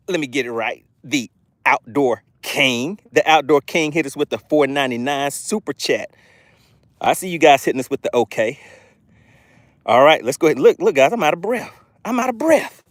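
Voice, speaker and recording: A man hosting a live fishing stream from a boat on a lake, excitable and playful as he reads the chat aloud. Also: fairly high pitch, dry recording. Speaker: fishing channel host.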